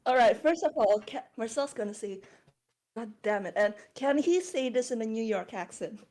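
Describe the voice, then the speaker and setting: A woman playing a tabletop game, quickly describing her character's actions. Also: a little high, expressive, dark tone. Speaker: player. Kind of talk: casual tabletop play.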